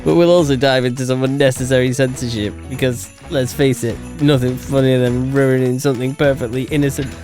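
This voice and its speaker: A man's voice: medium pitch, steady tone, fairly quick, hardly any pauses, darkish tone, soft background music, close to an everyday voice. A man putting on a rambling, sweary rock singer impression, stumbling over his words as he opens a podcast. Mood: rowdy. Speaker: podcast co-host.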